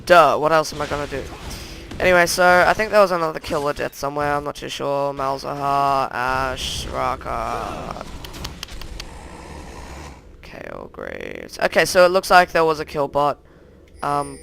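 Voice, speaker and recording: A man's voice: fairly high pitch, gravelly, pushed and bright, slight background noise. A young man casually talking through a replay of his own match, rambling play-by-play that keeps circling back with "anyway". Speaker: gameplay commentator.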